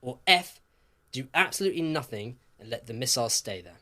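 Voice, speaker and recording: A man co-hosting a podcast, telling history casually in a jokey, animated way. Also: medium pitch, fairly quick. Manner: lively, jokey, swears, laughs often. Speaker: podcast co-host.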